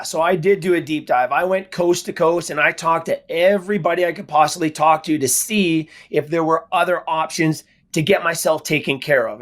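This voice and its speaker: A middle-aged Canadian man, appearing as an interview guest, answers questions in a slightly high, somewhat bright voice. He tells his story earnestly, repeating words for emphasis.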